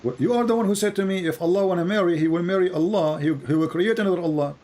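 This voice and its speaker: A man hosting a live-streamed religious debate, pressing his caller with repeated questions and cutting in, his voice going hoarse. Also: high voice, quick pace, a little mellow. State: losing his voice. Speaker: debate host.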